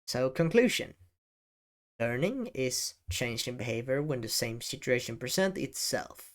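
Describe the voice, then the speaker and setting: A man giving talking-head advice as an educational video creator, speaking deliberately with frequent pauses, stressed key words and casual swearing, seated at a desk mic. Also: medium pitch, sing-song. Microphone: desk microphone, seated at camera.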